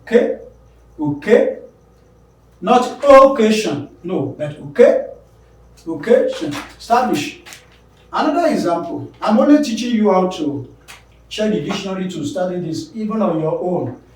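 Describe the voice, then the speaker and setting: Man, english teacher, high voice, slow deliberate drilling, echoey room, far from mic. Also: lively intonation, darkish tone, a little hiss or hum. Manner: repeats words slowly with emphasis, drills examples. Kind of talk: classroom lesson on word stress.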